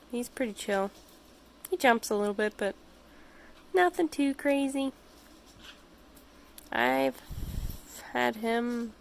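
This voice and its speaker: A woman's voice: a little high, gravelly, a little hiss or hum. A woman chatting casually in a home vlog about her pets, rambling and giggling, cooing at the animals. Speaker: pet vlogger. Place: home pet room.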